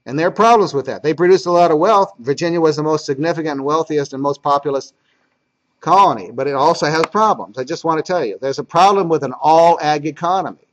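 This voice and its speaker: A man's voice: fairly high pitch, quick pace, highs cut off. A man teaching a history class as lecturer, talking conversationally and repeating key points for emphasis.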